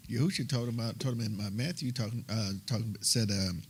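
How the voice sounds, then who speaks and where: A low-pitched man joins a Bible study discussion. He speaks haltingly and searches for his words, with a faint hum of noise behind him. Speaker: study group participant. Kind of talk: casual discussion.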